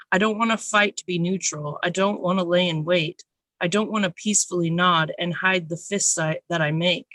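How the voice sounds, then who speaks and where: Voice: medium pitch, sharp tone, no echo. Nervous first-timer reading spoken word poems, raw and intense, dry close sound. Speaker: open mic poet.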